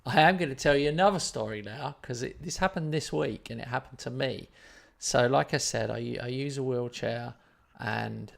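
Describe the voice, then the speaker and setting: Man, very gravelly voice, rambling chatty storyteller, live stream talk. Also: medium pitch. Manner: chatty, rambling, self-deprecating.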